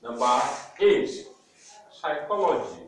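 A male teacher giving a lesson slowly and deliberately, repeating each word for emphasis. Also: medium pitch, sing-song. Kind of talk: classroom lesson. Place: classroom. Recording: very echoey classroom, mic far off, faint noise.

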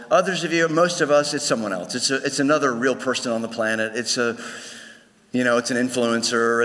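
A man's voice: medium pitch, fairly bright tone. A male pastor preaching a sermon to his congregation in a conversational way, often restarting his phrases. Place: church sanctuary. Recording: long hall reverb.

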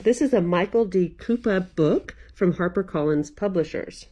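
A woman working as a children's librarian, reading a picture book aloud to children with animated delivery and frequent laughs. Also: on the low side, normal speed, slightly rough.

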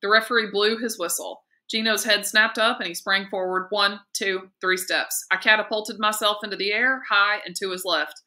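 A woman teacher reading a novel aloud in a steady, lively and expressive way. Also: mid-range voice, moderate pace, few pauses. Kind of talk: read-aloud narration of a novel.

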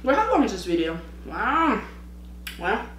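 A woman's voice: medium pitch, a little slow, slight background noise. A tired woman chatting casually while eating on camera, telling slangy stories with lots of laughter. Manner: animated, slangy storytelling with frequent laughs; eating and sipping between sentences. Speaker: mukbang vlogger. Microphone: own microphone. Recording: echoey room.

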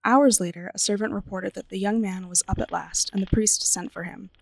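A woman librarian reading a ghost story aloud in an expressive, dramatic storytelling manner. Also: mid-range voice, brisk, vocal fry, background noise.

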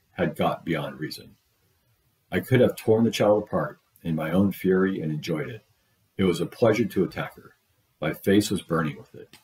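Man, very low voice, read-aloud story narration, steady and measured. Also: rough recording. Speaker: audiobook reader.

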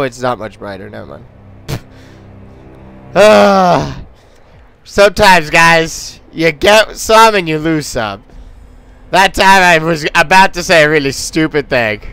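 A man's voice: a little high, very animated, slow, vocal fry, pauses often, pushed and bright, smooth, dry recording. A man commentating on his gameplay in a casual, frustrated and sarcastic way, swearing often. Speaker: let's play commentator.

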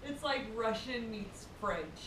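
A woman's voice: on the high side, animated, slow, fairly bright tone. A woman co-host who makes dry, teasing remarks from away from the microphone. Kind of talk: casual chat. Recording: echoey room, off-mic.

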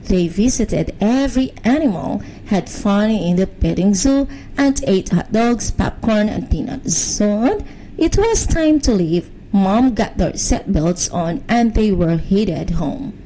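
A woman reading a bedtime story aloud in a gentle, soothing manner. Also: medium pitch, expressive, a little slow, a little hiss or hum, rough recording.

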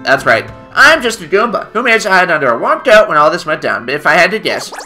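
A man voicing a male Goomba townsperson from a video game, reading its dialogue in a low, subdued way. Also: very animated, quick pace, bright, forceful tone, faint music behind, exaggerated voice.

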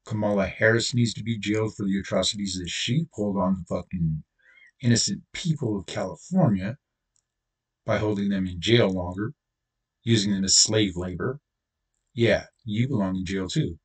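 A man's voice: lowish voice, normal speed, breathy edge, far from the mic. A man hosting his own channel, delivering an angry, profane solo rant with blunt, confrontational talk. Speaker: channel host.

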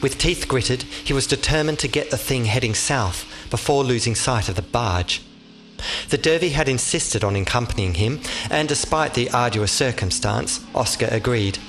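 Audiobook narrator: a man with a middle-pitched voice, measured and vivid. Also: a bit bright, slight background noise.

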